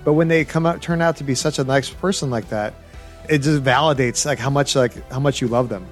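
A man's voice: medium pitch, a little fast, soft background music. A man hosting a casual interview, upbeat and easygoing, asking questions and making light jokes. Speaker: interviewer host.

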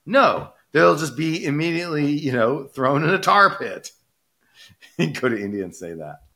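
A man co-hosting a casual podcast discussion, arguing animatedly and often checking in with "right?". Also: mid-range voice. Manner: animated, rhetorical, keeps asking "right?". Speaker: podcast co-host.

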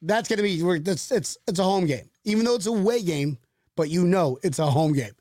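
High-voiced jokey man with a dry sound. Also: brisk, no echo. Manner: jokey, animated, puts on silly accents. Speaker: podcast co-host. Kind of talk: casual chat.

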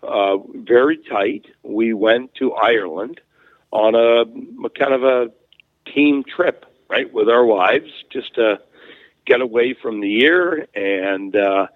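Slow-talking man on a phone line. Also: medium pitch, no room sound. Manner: rambling, many fillers and restarts. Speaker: former hockey player, interview guest. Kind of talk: casual storytelling. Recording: phone-like narrow sound.

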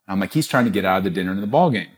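Lively storytelling man, lowish voice. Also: racing. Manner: animated storyteller, acts out quoted dialogue. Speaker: guest, gift-giving business founder. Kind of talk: storytelling in a podcast interview.

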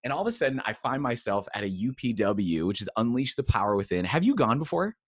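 A man, a former pastor turned coach, telling his story as an interview guest in a casual, animated way, acting out quotes. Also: medium pitch, quick pace, husky, dry recording, clean studio sound. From United States. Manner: casual, expressive, acts out quotes with big swings.

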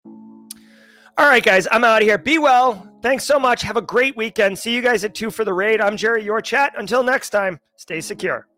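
A man's voice: high-pitched, normal speed, bright, forceful tone, faint music behind. A middle-aged man with a mild Massachusetts accent, hosting a cybersecurity livestream and chatting loosely and jokily with viewers. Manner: jokey and loose, lots of "like" and restarts. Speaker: host of a daily cybersecurity news livestream. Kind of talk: casual livestream chat with viewers.

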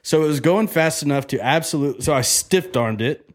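A man casually telling a story on a podcast, animated and profane, acting out the other people in it. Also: on the high side, moderate pace. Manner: animated, profane, acts out quotes in a loud excited voice.

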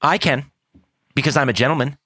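A man's voice: medium pitch, brisk, bright, forceful tone, dry recording, studio quality. A man hosting and acting in comedy sketches with a blustery, self-absorbed manner.

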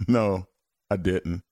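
Lower-voiced male guest, ex-wrestler, lively storyteller who swears freely. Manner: animated storyteller, swears, laughs, acts out quotes loudly. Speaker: guest, former pro wrestler. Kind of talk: casual storytelling on a podcast.

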